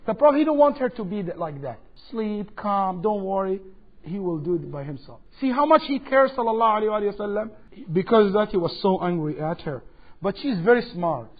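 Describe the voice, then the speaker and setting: Man preaching, high voice, acts out the dialogue, muffled old recording. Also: fast. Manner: animated, acts out quoted dialogue. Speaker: Islamic lecturer. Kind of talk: religious lecture storytelling. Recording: dull lo-fi 2007 lecture recording.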